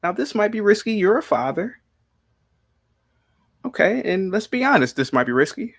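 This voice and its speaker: A man's voice: sits high, sing-song, moderate pace, vocal fry, no room sound, clean studio sound. A man hosting a podcast in a heated debate, arguing and pressing his questions over and over. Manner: argumentative, repeats questions insistently. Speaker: podcast host. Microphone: studio microphone.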